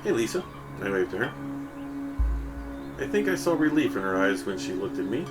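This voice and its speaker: A man's voice: on the low side, big pitch swings, normal speed. A man reading a first-person story aloud in a casual way, correcting himself as he goes. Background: music.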